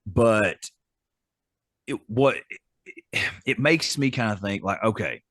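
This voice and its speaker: A man's voice: fairly low pitch, slow, a bit bright, no echo, clean studio sound. A man co-hosting a casual podcast chat, reading facts aloud in a chatty, amused way. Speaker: podcast co-host.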